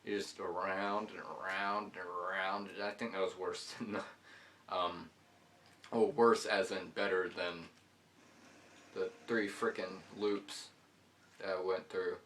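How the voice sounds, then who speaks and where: A man with a deep, low voice tells a rambling story while he plays. He talks casually and loosely, full of fillers, as he comments on the match. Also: level tone, takes it slowly, long pauses, fairly bright tone, a little hiss or hum. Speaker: gaming channel host.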